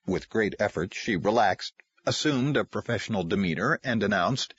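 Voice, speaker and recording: A man narrating a novel as an audiobook reader, with expressive, varied delivery. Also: fairly low pitch, normal speed, slightly rough, no echo. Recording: dry, slightly muffled lo-fi.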